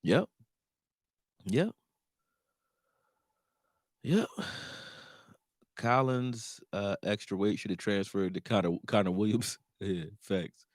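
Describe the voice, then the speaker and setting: A man talking casually on a sports live stream, profane and animated, answering his chat. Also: lowish voice, slow pace, pauses often, no room sound, studio quality.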